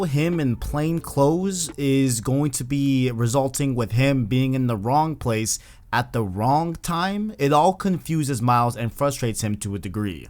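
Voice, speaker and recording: A man hosting a video, casually recapping a story and talking straight to his viewers. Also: medium pitch. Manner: casual and conversational, addresses viewers directly. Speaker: video host. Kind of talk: casual book recap commentary.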